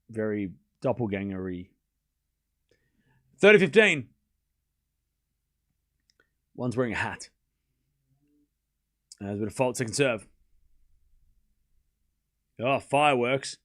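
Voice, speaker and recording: A man's voice: on the low side, expressive, takes it slowly, pauses often, fairly bright tone. A man hosting a live tennis watchalong stream. He calls each shot in short bursts, chats loosely with his viewers between points and swears offhand. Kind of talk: casual live play-by-play commentary with chat asides.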